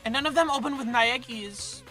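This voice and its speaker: Makoto, an earnest ordinary schoolboy, voiced by a woman, sounds high and bright with a lively, bouncing delivery. Faint music runs underneath. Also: a little fast. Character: earnest, ordinary teenage boy student. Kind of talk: dramatic reading of game dialogue.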